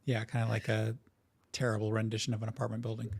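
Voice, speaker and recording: Gravelly guy game-mastering, husky tone, laid back with lots of ums. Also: fairly low pitch, quick pace. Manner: relaxed, easygoing, with hesitant fillers. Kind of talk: narrating a tabletop game.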